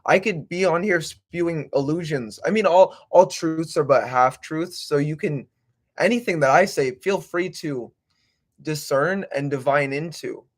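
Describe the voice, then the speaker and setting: A man's voice: on the high side, measured pace. A young man hosting a livestream, rambling casually with swearing and slang. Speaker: livestream host.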